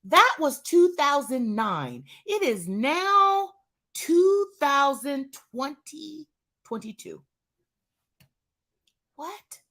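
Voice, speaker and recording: A woman tells a testimony to her church audience in a lively voice that rises and falls widely. She is animated and speaks straight to her listeners, repeating phrases for emphasis. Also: sits high, takes it slowly. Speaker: church first lady hosting a live show.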